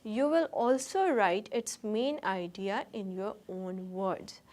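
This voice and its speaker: A woman teacher talks students through a recorded lesson. She is patient and instructive, and she often repeats a word slowly so learners can follow. Her voice sits at an ordinary middle pitch. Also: a little mellow.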